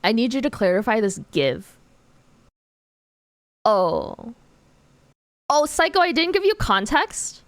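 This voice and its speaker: A woman's voice: a little high, sing-song, takes it slowly, pauses often, no echo. A woman streamer chatting casually with her viewers while drawing, giggling often and filling her talk with "like.". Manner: giggly, chatty, lots of "like" fillers; answers viewer chat questions.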